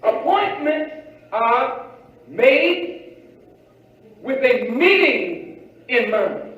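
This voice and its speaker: A man preaching a sermon, emphatic and sometimes shouting, who acts out dialogues with his congregation. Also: very high voice, drawn-out words, echoey room, rough recording.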